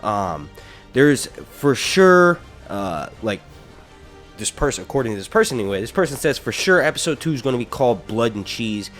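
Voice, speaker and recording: A man of middle pitch talks through rumors in a casual vlog, chatty and loose, often tagging his points with a quick question. Soft music plays faintly behind him. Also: sing-song. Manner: chatty, tags on "right?" often. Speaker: YouTube fan-theory host.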